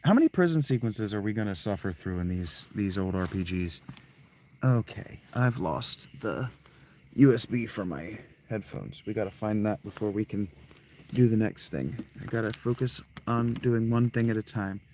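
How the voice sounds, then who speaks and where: A man's voice: lowish voice, moderate pace, darkish tone, a little hiss or hum. Rambling, cussing man streaming a game. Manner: profane, rambling, talks to himself. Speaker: let's play streamer. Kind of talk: casual gaming commentary. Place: tent. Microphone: clip-on mic.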